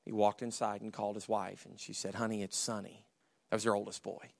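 A middle-aged man preaching a sermon, swinging from shouted, high bursts of emphasis down to hushed, quiet storytelling, often repeating and restarting his phrases. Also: flat delivery, a little fast, creaky, dry recording, studio quality.

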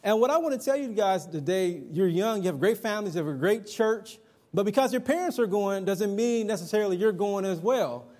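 A middle-aged man delivers a sermon to a young congregation in a notably high voice. He keeps it conversational, mixing emphatic points with personal anecdotes. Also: expressive, fairly quick, darkish tone. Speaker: preacher.

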